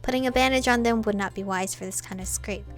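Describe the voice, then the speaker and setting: A woman reading the lines of a blunt, gruff young male thief in a game, in her own voice with a grumbling edge. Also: fairly high pitch, fast, soft background music, natural voice. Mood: gruff teasing. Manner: curt and grumbling.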